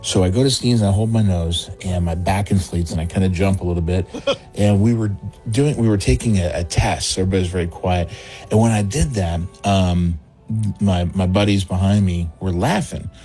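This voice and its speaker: A man's voice: low voice, normal speed, mellow, soft background music, low-quality recording. A man from Texas, a comedian calling in to a radio show and telling a rambling funny story, laughing along as he goes. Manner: rambling, laughs through his own story. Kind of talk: phoned-in comic storytelling.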